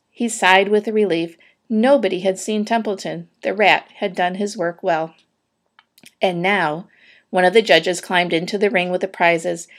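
A woman's voice: mid-range voice, vocal fry. Woman reading a children's book aloud. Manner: steady storytelling with small slips. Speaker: narrator.

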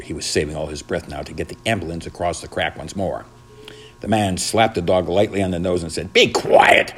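A man narrating a children's storybook in a dramatic, expressive reading. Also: low-pitched, breathy edge.

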